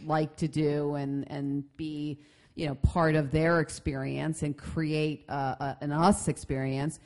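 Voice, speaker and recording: Low-voiced woman giving life advice. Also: slow pace. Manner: animated, many restarts and fillers. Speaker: podcast co-host. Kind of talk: casual advice chat.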